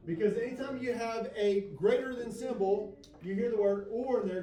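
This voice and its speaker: A man's voice: sits high, normal speed, few pauses, mellow, reverberant. A man teaching a math class, lecturing in a folksy, self-deprecating way and often checking in with his students. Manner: frequent check-ins with the class.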